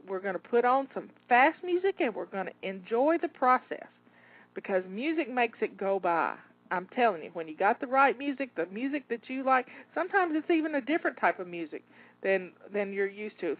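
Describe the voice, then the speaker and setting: A woman's voice: a little high, dry recording. A woman coaching listeners through a timed kitchen cleanup, upbeat and encouraging, a little out of breath. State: slightly out of breath. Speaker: home organizing coach. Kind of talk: live cleaning pep talk. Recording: tinny phone-like audio.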